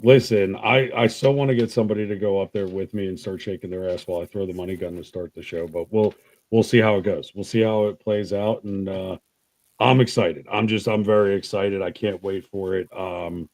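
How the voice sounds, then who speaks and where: A man co-hosting a casual livestream chat, telling stories with lots of swearing and lively quoted voices. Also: sits low, brisk, no room sound, rough recording. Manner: profane, animated storyteller with lively put-on quotes. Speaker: co-host of a livestream.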